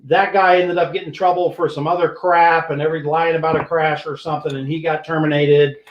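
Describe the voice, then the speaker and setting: Animated older man telling a police story. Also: a little high, fairly quick, echoey room, highs cut off, a little hiss or hum. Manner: animated, profane storytelling with acted-out quotes. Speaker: podcast host, retired police sergeant. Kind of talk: casual storytelling.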